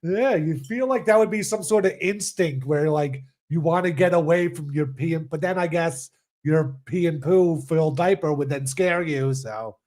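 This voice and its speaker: A man co-hosting a podcast, chatting casually and reacting with quick remarks and frequent laughs. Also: on the high side, a little mellow. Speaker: podcast co-host. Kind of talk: casual chat.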